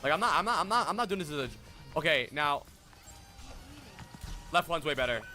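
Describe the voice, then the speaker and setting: A man streaming a game, talking casually and excitedly to his chat, joking and swearing as he plays. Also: fairly high pitch, fairly quick, faint music behind. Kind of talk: casual gaming livestream chat.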